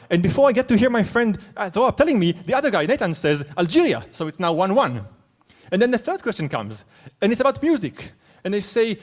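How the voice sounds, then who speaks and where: A young man from Israel telling a true story on stage, animated, excitable and self-mocking. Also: high voice. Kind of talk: live storytelling. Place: stage at a live event.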